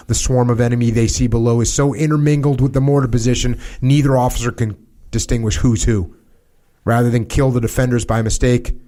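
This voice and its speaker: Man reading a combat account gravely. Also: medium pitch, dark tone. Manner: measured, grave reading with small slips and restarts. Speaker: podcast host. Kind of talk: reading a war account aloud.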